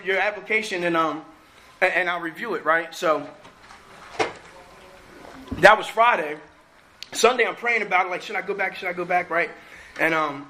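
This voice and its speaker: A middle-aged man from New Jersey sharing his personal recovery story at a meeting, animated and acting out what people said. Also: high voice. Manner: animated storytelling, acts out quotes.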